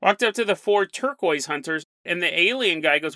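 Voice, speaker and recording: A man hosting a podcast, telling a strange story in a chatty, animated way. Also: a little high, normal speed, hardly any pauses, no echo. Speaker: podcast host. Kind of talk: casual solo podcast monologue.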